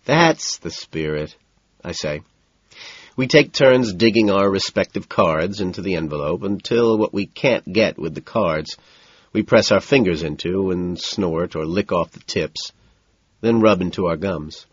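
A man reading first-person fiction as an audiobook narrator, in a measured, cool delivery. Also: low-pitched, breathy edge, no echo, dull audio.

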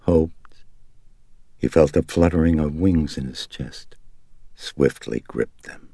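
Gravelly very deep male narrator. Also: slow pace, dark tone, no echo. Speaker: audiobook narrator. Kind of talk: dramatic horror novel reading.

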